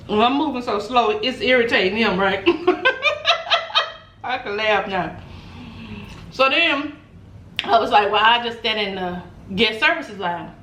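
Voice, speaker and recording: A woman vlogger telling a story in a casual chat, animated and laughing often, acting out what people said. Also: on the high side, takes it slowly, pauses often. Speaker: mukbang vlogger. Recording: roomy echo, faint background noise.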